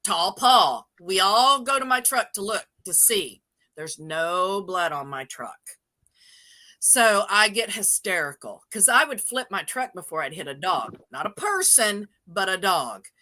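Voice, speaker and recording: A woman with a bright, forceful voice tells a story on a casual livestream. She swears freely and talks in an animated way. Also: medium pitch, unhurried. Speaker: show host.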